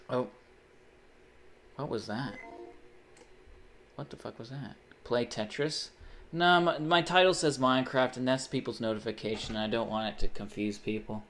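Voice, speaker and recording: A young man chatting casually on a live stream. He rambles, swears often and bursts into sudden excited exclamations. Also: medium pitch. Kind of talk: casual livestream chat.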